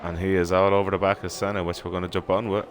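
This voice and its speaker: A man with an Irish accent calls a sim race live in a low, steady voice, running through pit stops and penalties in easy play-by-play. Music plays clearly behind him. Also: fast talker. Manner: steady play-by-play, informal banter. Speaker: race commentator. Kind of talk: live sim racing commentary. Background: background music.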